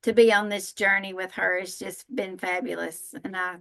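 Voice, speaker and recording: A woman with a Southern accent from Northern Alabama talks on a live panel at an everyday mid pitch. She is folksy and self-deprecating, and she laughs easily between thoughts. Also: level tone, moderate pace, gravelly, bright, forceful tone. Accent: Southern American. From Northern Alabama, USA. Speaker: panel speaker, spiritual practitioner.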